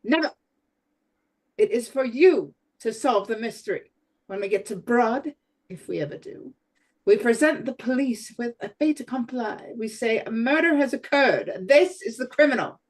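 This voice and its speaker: Woman reading an excitable railway director man. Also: on the high side, normal speed. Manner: theatrical, pleading, bursts of outrage. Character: excitable middle-aged male railway director. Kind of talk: table read.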